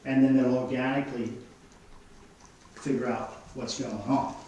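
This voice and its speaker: An Australian man working as a dog trainer, explaining dog behaviour in an instructive way and giving calm commands to the dogs. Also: medium pitch, unhurried, slight background noise. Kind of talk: explaining while demonstrating. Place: studio. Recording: echoey room, mic at a distance.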